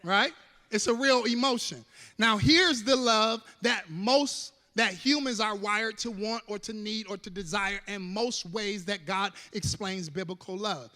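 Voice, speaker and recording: A male pastor delivers a sermon, calling on the congregation to repeat lines after him. His voice sits high and rings bright. It moves between quiet, close talk and sudden shouts, and a long hall reverb trails behind it. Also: a little slow. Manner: call-and-response preaching, swings from hushed to shouting.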